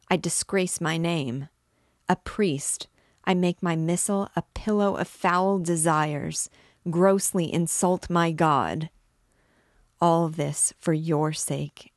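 A woman's voice: deep voice, dry recording, clean studio sound. A woman reading aloud, voicing an anguished male priest who pleads with desperate passion. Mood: pleading. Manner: pleading, impassioned, breaking into whispers.

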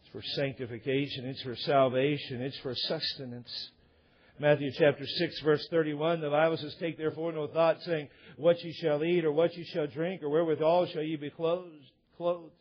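A man's voice: a little high, flat delivery, normal speed, slightly rough, highs cut off. A man preaching a sermon as pastor, building to emphatic points.

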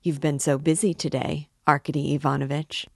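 A woman's voice: deep voice, flat delivery, moderate pace, vocal fry, darkish tone, husky, no room sound, clean studio sound, full character voice. A woman reading as a mild homely ghost wife. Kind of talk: reading a novel aloud.

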